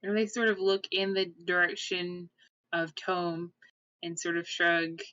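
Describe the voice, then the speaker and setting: A woman describing her character's actions in a tabletop game, slow and halting, with many fillers. Her voice sits a little low. The audio is dull, dry and lo-fi. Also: steady tone, sharp tone, no echo. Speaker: tabletop player. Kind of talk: casual role-play narration.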